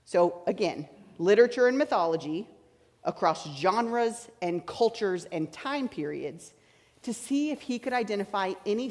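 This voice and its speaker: A woman preaching a teaching-style sermon, chatty and explaining, repeating her key points. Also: a little high. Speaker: pastor. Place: large church sanctuary. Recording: church hall reverb.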